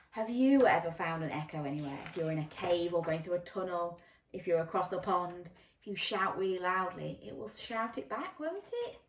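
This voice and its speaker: Animated woman reading children's stories. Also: lowish voice, normal speed. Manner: animated, coaxing, asks children questions. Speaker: storyteller for children. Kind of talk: bedtime story reading. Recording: roomy echo, mic at a distance.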